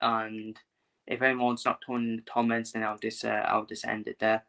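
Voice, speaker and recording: Male streamer, casual repetitive delivery, bright tone, narrow pitch. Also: completely flat delivery, normal speed, vocal fry. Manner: repeats himself, fillers, talks to viewers. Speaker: boxing vlogger. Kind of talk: casual live-stream commentary.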